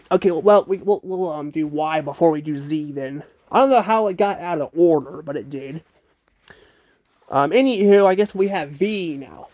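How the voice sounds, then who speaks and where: Hesitant young man full of ums. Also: a little high. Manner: hesitant, many ums and restarts, unsure. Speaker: creator ranking educational games. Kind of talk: casual commentary.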